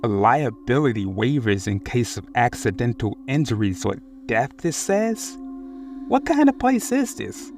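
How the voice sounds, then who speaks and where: A man voicing a sharp young female know-it-all who is alarmed and suspicious in a spoken horror story. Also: on the low side, measured pace, hardly any pauses, faint music behind, close to an everyday voice. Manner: suspicious, urging the others to leave.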